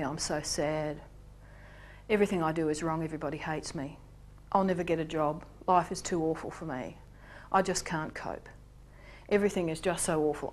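A woman voicing a self-pitying, helpless victim who moans in a low, quiet, half-whispered voice.

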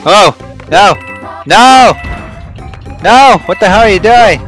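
Excitable swearing gamer man yelling. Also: high voice, slow, faint music behind. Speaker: let's play host. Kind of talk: gameplay commentary.

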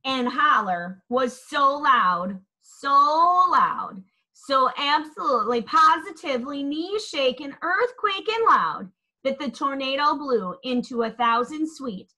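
A woman reading a children's picture book aloud in an expressive, lilting storytelling manner. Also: high-pitched, takes it slowly, low-quality recording.

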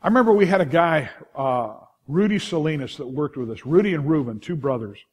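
A middle-aged pastor with a Californian accent and a fairly high, husky voice preaches briskly. His sermon unfolds as lively storytelling, packed with restarts and asides to the congregation.

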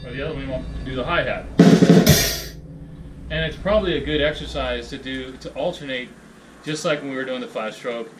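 A man's voice: medium pitch, brisk, pauses often, over loud music. Casual male drum instructor, calls out counts, mic a few feet off in a practice room. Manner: counting sticking patterns aloud, relaxed and rambling. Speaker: drum teacher. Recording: distant mic, loud drums. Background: loud drum kit playing.

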